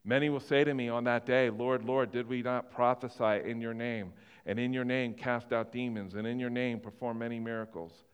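A man's voice: mid-range voice, steady tone, moderate pace, clear, resonant tone, big-room sound, lo-fi sound. A man preaching a sermon as pastor, earnest and often repeating himself as he restarts his sentences.

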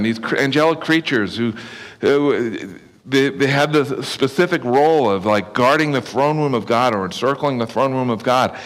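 A man's voice: fairly high pitch, fairly bright tone. A man preaching a sermon in a conversational, earnest way, often restarting his phrases and adding asides. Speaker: pastor. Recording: long reverb of a hall.

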